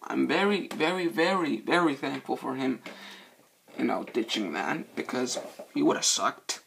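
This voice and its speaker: A man's voice: mid-range voice, unhurried, creaky, a little hiss or hum. A man doing a casual, rambling movie review, cursing a lot and losing his train of thought. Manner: profane, excitable, loses his train of thought.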